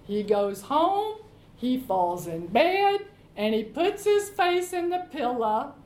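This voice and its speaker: A woman preacher tells a story in a sermon, acting out its quotes. Her high voice rises and falls a great deal at an unhurried pace. The sound carries a roomy echo with faint ambience behind it. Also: big pitch swings, a little mellow, a little hiss or hum.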